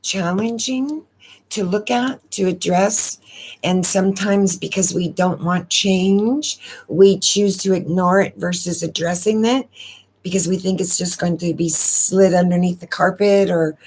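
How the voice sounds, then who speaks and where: A woman's voice: lowish voice, fairly even intonation, measured pace, a little mellow, husky. A woman hosting a casual live stream, talking in a rambling, emotional way and repeating words as she goes. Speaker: astrology channel host.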